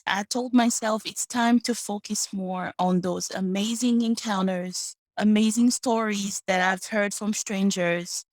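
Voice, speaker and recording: A woman in her late twenties telling personal stories as a podcast guest, soft-spoken, reflective and earnest. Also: medium pitch, steady tone, a little slow, hardly any pauses, dry recording. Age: 20s. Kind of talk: personal storytelling.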